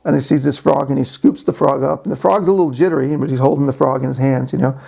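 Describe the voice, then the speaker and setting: A man talks to his viewers in a loose, rambling vlog, stopping and restarting his sentences often. His voice is mellow and gravelly, with an unhurried, chatty feel. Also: mid-range voice, steady tone. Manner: rambling, full of restarts and fillers. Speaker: YouTube channel host. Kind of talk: casual vlog monologue.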